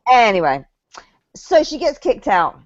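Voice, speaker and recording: A woman in her forties co-hosting a recap show, telling stories in a brash, profane, animated way. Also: on the high side, a little slow, dry recording. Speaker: co-host of a reality TV recap show. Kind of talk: casual chat. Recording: dull, lo-fi sound.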